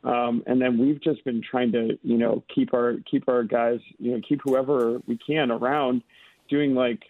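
A man, a chef and restaurant co-owner, speaking as a radio guest in a halting way with many fillers and restarts, heard over a phone line. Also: medium pitch, flat delivery, dry recording.

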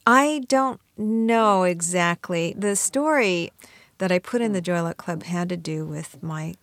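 A middle-aged woman speaks low, with a gravelly edge to her voice. She tells reflective stories as an interview guest, now and then taking on the voices of the people she quotes. The sound is dry and close to the mic. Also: unhurried, a bit bright, no echo. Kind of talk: radio interview conversation.

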